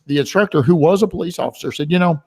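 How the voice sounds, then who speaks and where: A man's voice: fairly high pitch, racing, a little mellow, slightly rough. A man hosting a webinar in a rambling, chatty way, full of filler words. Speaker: webinar host. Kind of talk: casual webinar talk. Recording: long hall reverb.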